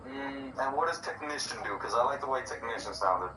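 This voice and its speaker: A man chatting casually while playing a video game, venting and ranting in an animated way. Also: mid-range voice, a little fast. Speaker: gaming channel co-host. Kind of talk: casual let's-play chat. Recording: roomy, distant from mic, faint background noise.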